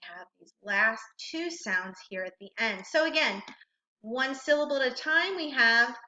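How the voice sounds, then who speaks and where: A female reading teacher's recorded phonics lesson features patient questions and praise for the learner. Her somewhat high voice has lively intonation and a sharp tone at normal speed, and the room sound is roomy and slightly dull.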